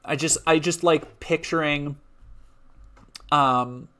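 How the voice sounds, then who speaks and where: A man's voice: fairly high pitch, steady tone, slow pace, pushed and bright. A man streaming live, reading a history script aloud and breaking off for casual, laughing asides to chat. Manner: casual, laughing asides between read passages.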